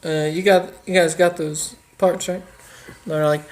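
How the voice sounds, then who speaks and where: This co-host retells a silly story on a podcast and keeps breaking into giggles. The voice sits at a middle pitch and keeps an ordinary, everyday sound. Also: little pitch movement, measured pace. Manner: giggly, laughs between lines. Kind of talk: improvised comic storytelling.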